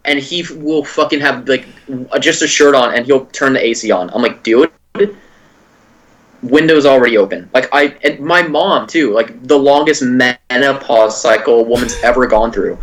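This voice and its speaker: A man's voice: medium pitch, moderate pace, few pauses, fairly bright tone. Rambling young man telling stories. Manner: rambling storytelling, heavy swearing and filler words. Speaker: podcast co-host. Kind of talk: casual chat.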